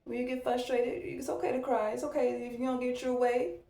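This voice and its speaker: A woman's voice: sits high, little pitch movement, brisk, creaky, mellow. Woman, candid get-ready chat, roomy echo. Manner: candid, reflective, loose conversational delivery. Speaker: vlogger, mom. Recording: echoey room.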